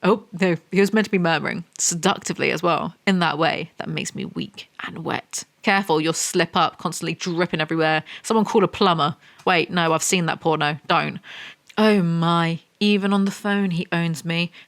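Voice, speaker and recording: A woman's voice: on the low side, normal speed, gravelly. Sarcastic woman ranting through a book review. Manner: sarcastic, reads passages aloud then mocks them. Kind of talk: comedic book review rant.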